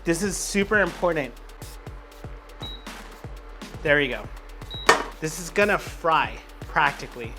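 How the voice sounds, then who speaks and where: A man's voice: a little high, lively intonation, moderate pace, over loud music. A drunk man hosting a casual cooking show, rambling, joking and swearing freely as he cooks in a home kitchen.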